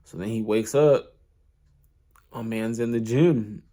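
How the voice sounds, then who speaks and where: A man's voice: fairly low pitch, takes it slowly. A young man casually retelling an anime plot in a rambling, slang-heavy way, doing bits of voices. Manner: rambling, slangy, animated storytelling.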